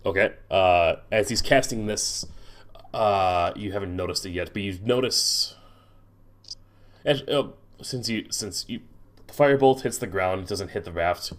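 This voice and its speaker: A man's voice: on the low side, a little slow. A man narrating as game master of a tabletop game, hesitant and full of restarts.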